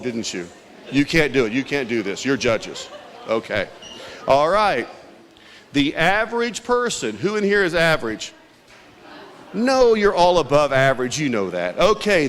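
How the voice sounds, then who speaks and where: A man hosts a trivia game for a packed indoor hall, teasing the audience as he goes. His voice sits high and swings up and down with plenty of life. He takes his time between questions. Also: a bit bright. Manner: playful, joking with the crowd. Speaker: event emcee. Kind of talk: trivia quiz hosting at a community event. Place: large indoor hall with a crowd.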